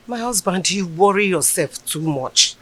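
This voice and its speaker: A woman's voice: on the low side, bright, forceful tone, full character voice. An actress with a Nigerian accent playing a confident mother soothing her worried husband. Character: reassuring traditional mother, confident.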